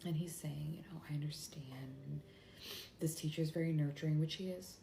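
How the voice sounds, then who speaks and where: Tearful woman, hushed and halting. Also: sits low, steady tone, vocal fry, roomy sound, a little hiss or hum. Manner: halting, hushed, breaking into whispers. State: crying. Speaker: mother sharing a personal video. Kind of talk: tearful personal confession to camera.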